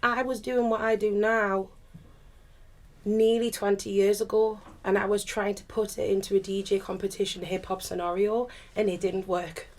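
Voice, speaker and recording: A woman speaking on a panel discussion, telling candid stories in a lively way, full of laughter and acted-out quotes. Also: medium pitch, moderate pace. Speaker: panelist, turntablist.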